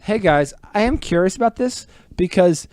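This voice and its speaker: A man's voice: high voice, animated, moderate pace, darkish tone, dry recording. A man leading a casual, playful comedy conversation among friends and steering the group.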